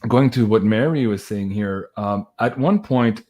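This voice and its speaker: A man's voice: on the low side, a little slow. Laid-back man telling a story. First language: French. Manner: animated, laughing, swearing casually, lots of "like" fillers. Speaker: guest storyteller. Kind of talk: casual chat, personal storytelling.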